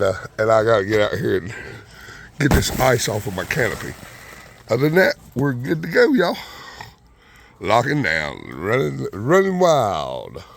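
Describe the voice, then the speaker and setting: A man with a rough, gravelly voice chats casually to his viewers while he feeds his hens in a frozen yard. His pitch swoops up and down constantly, and his drawl turns soft and coaxing when he calls to the birds. A faint hiss of noise sits under the recording. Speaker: backyard chicken keeper. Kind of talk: casual vlog chat. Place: outdoor yard and front porch in freezing weather.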